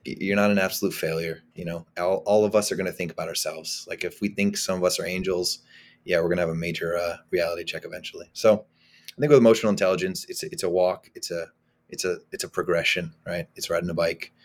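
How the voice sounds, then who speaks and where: A man's voice: low-pitched, steady tone, quick pace. A man speaking as a guest on a podcast, talking casually and emphatically, often repeating words as he starts a thought. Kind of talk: casual conversational interview.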